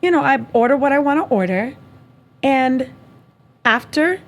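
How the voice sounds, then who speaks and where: A woman's voice: high voice, lively intonation, slow pace, long pauses. A young woman hosting a podcast, casually chatting and telling a story, acting out both sides with frequent laughs. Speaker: podcast host. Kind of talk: casual chat.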